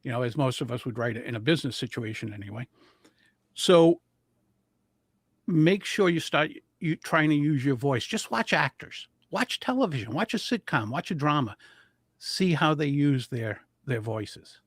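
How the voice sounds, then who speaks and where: A man who coaches public speaking, talking as a guest and explaining voice and breathing techniques with animated demonstrations. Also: mid-range voice, normal speed, breathy edge, dry recording, studio quality. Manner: animated, demonstrates vocal intonation.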